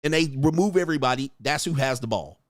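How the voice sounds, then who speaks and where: A man's voice: mid-range voice, quick pace, no room sound, studio quality. A man giving blunt, profane commentary on a video clip, acting out what people say. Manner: blunt, profane, animated, acts out people's lines. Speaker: commentator reacting to a viral video. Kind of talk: casual reaction commentary.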